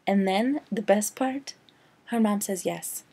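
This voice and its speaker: A woman's voice: mid-range voice, takes it slowly, vocal fry, warm tone, slightly rough. A young woman vlogging a casual, rambling movie rant, sarcastic and full of "like". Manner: sarcastic, rambling, heavy use of "like".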